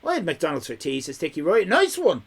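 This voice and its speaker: A man's voice: fairly high pitch, huge pitch swings, brisk, gravelly, husky. A young man with an Irish accent runs a live quiz stream. His voice swings up and down a lot as he chats and teases the viewers. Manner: chatty, reads chat aloud, teasing.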